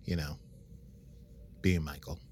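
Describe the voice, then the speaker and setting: A man chatting casually about a TV episode in a nerdy, animated way. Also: a bass voice, slow pace, a little hiss or hum. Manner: nerdy, animated, puts on silly voices. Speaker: podcast co-host. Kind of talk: casual chat.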